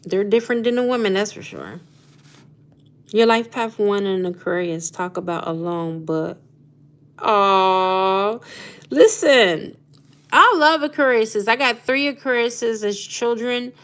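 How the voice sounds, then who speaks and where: A woman's voice: mid-range voice, slow pace, a bit bright. A woman in her thirties or forties hosting a casual live stream, chatting with viewers about zodiac signs, laughing often and calling them "honey" and "y'all". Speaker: live stream host doing astrology readings.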